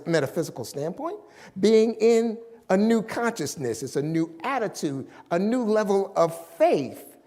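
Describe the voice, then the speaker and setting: A middle-aged male minister delivers an unhurried sermon with a high, lively voice that climbs and falls. He leans hard on certain words and stretches them out. The sound carries a long reverb from the worship hall around him. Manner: emphatic, drawing out key words.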